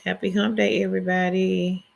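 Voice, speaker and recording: A woman's voice: medium pitch, little pitch movement, normal speed, vocal fry. A middle-aged woman, hosting a casual livestream and greeting viewers one by one as she reads their comments aloud. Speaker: livestream host.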